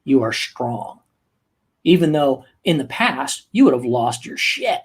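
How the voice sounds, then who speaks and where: A man hosting a motivational podcast as a coach, talking emphatically and moving from slow, soft passages to quick bursts. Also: medium pitch, very animated, slightly rough. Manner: emphatic, acts out angry outbursts.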